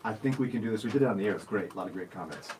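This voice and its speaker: A man's voice: on the low side, expressive, racing, darkish tone, a little hiss or hum, low-quality recording. A man co-hosting a radio show in the studio, chatting casually and telling stories in a playful, teasing way.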